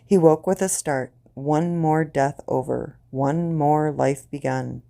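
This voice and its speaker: Brief: woman storyteller, deliberate grim reading, mellow dark tone with fry. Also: sits low. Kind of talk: reading a short story aloud.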